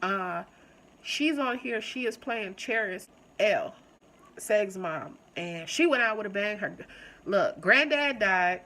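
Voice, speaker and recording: A young adult woman hosting her own channel, casually reviewing a TV episode and talking straight to her viewers in an animated, chatty way. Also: mid-range voice, slow pace, poor audio.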